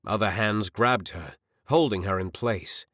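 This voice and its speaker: Man reading a fantasy audiobook, lowish voice, slow and expressive, dry close mic. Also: no echo. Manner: expressive, measured storytelling. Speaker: audiobook narrator. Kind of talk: scripted narration.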